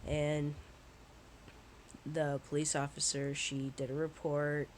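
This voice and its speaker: A woman's voice: sits low, level tone, slow, a little mellow, slight background noise, rough recording. A woman vlogger telling a personal story in a casual, rambling way, swearing often and sounding shaken. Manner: profane, candid, rambling with restarts.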